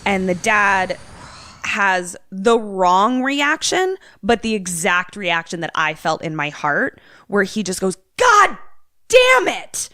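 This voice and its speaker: A young woman co-hosting a podcast in casual chat, animated and laughing often, swearing freely as she talks. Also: mid-range voice, takes it slowly, no echo, studio quality. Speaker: podcast co-host.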